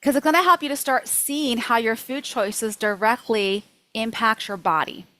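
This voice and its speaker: A woman nutrition coach teaching a workshop in a lively, chatty way, acting out her own thoughts. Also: a little high, normal speed, low-quality recording.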